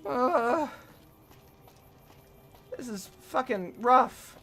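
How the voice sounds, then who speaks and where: A young woman streaming herself playing a video game, excitable and swearing freely as she talks to the enemies on screen. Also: a little high, extremely slow, soft background music. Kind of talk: casual gameplay commentary.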